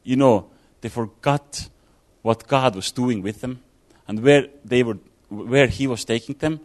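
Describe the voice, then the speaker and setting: A man's voice: medium pitch, unhurried, darkish tone. A man giving an informal sermon, talking it through casually with fillers and restarts. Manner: conversational, thinking aloud with fillers and restarts. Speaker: preacher.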